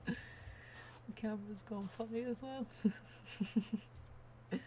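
A woman's voice: medium pitch, slow pace, long pauses, noisy background. A woman chatting casually through a gameplay session as a let's play host, laughing often and now and then dropping to a near whisper.

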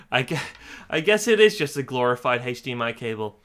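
A man's voice: medium pitch, lively intonation, fairly quick, a bit bright, clear, resonant tone. A young British man doing a sarcastic, swearing tech review vlog at home. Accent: British English. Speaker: YouTuber. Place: home, in front of a TV.

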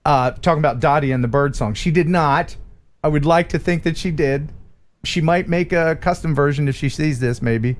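A man's voice: fairly high pitch, normal speed. A man hosting a live stream, chatting and joking with a guest and reading viewer messages. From USA. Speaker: host.

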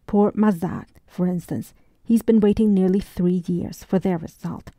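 A calm young lieutenant, read by a woman narrator, reasonable and soothing in how he speaks. The voice is low and mellow, close and dry, as in a storybook reading. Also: measured pace, dry recording. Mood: placating.

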